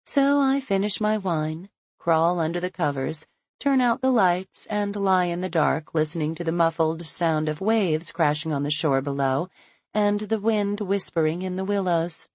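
A woman's voice: on the low side, unhurried, darkish tone, no room sound. A woman narrating a first-person romance audiobook in an intimate, playful storytelling manner.

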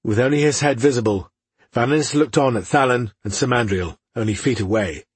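Husky-voiced male audiobook narrator. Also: medium pitch, fairly quick, dry recording. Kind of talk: scripted fantasy narration.

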